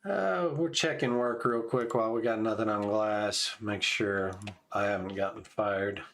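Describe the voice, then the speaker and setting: A man's voice: on the low side, unhurried, a bit bright, a little hiss or hum. Laid-back man streamer, chatty. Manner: laid-back, chatty, calls out tactics between stories. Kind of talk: casual gameplay commentary.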